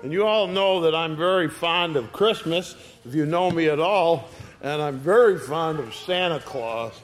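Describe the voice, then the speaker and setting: A man's voice: fairly high pitch, a little slow. An older retired man preaching a sermon in a folksy storytelling way, giving quoted lines a dramatic reading. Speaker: pastor.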